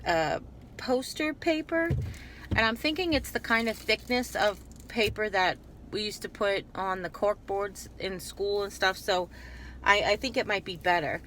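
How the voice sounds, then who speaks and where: A woman's voice: medium pitch, moderate pace, bright, forceful tone, a little hiss or hum. A woman talking casually in a rambling, chatty haul video, often breaking off and restarting her sentences. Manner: chatty, digressive, self-interrupting. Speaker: YouTube haul vlogger.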